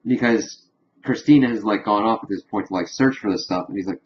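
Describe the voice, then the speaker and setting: Guy rambling through a tv episode recap, lots of likes and of courses, kinda low voice, muffled lo-fi sound. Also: a little fast. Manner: rambling, filler-heavy storytelling. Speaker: TV episode reviewer. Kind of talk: casual spoilery episode recap.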